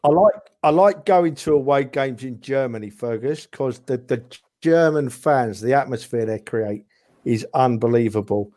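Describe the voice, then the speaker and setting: A man, a podcast guest telling football stories in lively casual chat and saying "mate" a lot. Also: medium pitch, moderate pace. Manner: animated storyteller, says "mate" and "right?" often.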